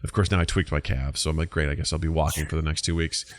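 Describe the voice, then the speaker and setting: In a clean studio recording with no room sound, a man in his thirties speaks at a rapid-fire clip in an extremely low voice. He's co-hosting a podcast, casually chatting and telling animated stories, acting out what people said and swearing freely.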